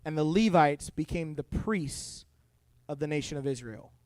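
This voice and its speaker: A young man in the role of youth pastor, giving an animated Bible talk to a youth group, full of jokes and acted-out voices. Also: fairly high pitch, normal speed, no echo, clean studio sound.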